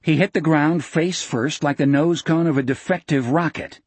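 Husky-voiced male audiobook narrator. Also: fairly high pitch, no room sound. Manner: measured, expressive reading that shifts pace with the action.

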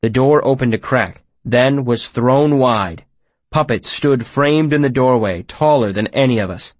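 A man narrating first-person fiction in a measured, expressive storytelling manner, on a close mic. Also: mid-range voice, no echo. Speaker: audiobook narrator.

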